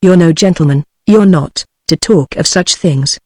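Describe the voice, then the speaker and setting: A woman's voice: sits low, normal speed, warm tone, no room sound, studio quality. Synthetic woman reading a defiant young flower girl. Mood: indignant. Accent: British English. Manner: indignant and protesting.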